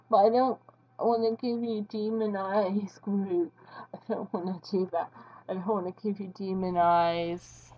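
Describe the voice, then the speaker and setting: Woman rambling while she draws, slow and self-deprecating, muffled sound. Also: on the high side. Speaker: video creator. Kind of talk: casual commentary while drawing.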